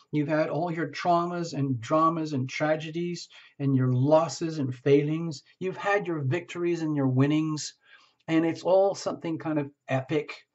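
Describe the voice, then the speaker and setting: Male tarot reader, slightly high voice, gentle and meandering, muffled lo-fi recording. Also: unhurried. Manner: gentle, rambling, reassuring with frequent "okay?". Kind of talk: casual tarot reading to camera.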